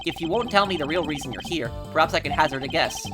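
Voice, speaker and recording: Woman doing a low, formal male prosecutor. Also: animated, fast talker, over music. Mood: probing.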